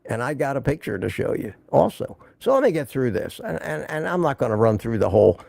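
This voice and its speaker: A man's voice: mid-range voice, sing-song, a little fast, vocal fry, a little mellow, no echo, studio quality. An older man hosting a casual live stream, rambling and joking while recovering from an illness. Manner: joking, rambling, reads viewer comments aloud.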